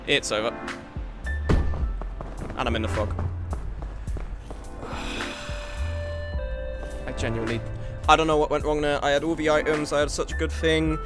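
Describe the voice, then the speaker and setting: A man's voice: on the high side, steady tone, normal speed, pauses often, over music. Swearing, tilted young man streaming a game. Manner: frustrated, swearing, swings between muttering and outbursts. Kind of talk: live game stream commentary.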